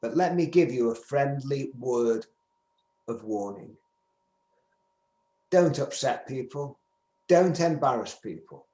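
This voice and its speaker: A man's voice: medium pitch, expressive, takes it slowly, long pauses, mellow. A man in his seventies from Manchester with a northern English accent, giving an emphatic conference talk and acting out sample conversations. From England, Manchester. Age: 70s. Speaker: business skills speaker. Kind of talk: conference presentation. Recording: roomy echo.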